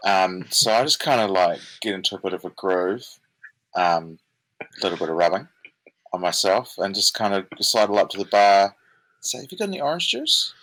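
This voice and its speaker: A man's voice: fairly low pitch, fairly bright tone, slight background noise, low-quality recording. A man playing in a tabletop game, hesitant and playful, filling gaps with ums. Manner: hesitant, lots of fillers, playful. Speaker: player.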